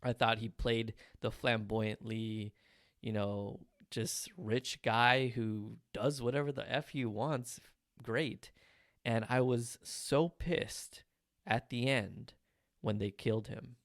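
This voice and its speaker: Gravelly young man ranting about movies. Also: medium pitch, slow, no room sound, studio quality. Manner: animated, blunt, swears freely. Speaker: podcast host. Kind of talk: solo movie review podcast.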